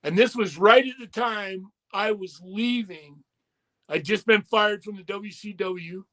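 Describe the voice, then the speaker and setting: A man's voice: sits high, a little slow, fairly bright tone. An older man, a former wrestler, telling long profane anecdotes in a casual interview, acting out the people he quotes. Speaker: retired wrestler and musician, guest.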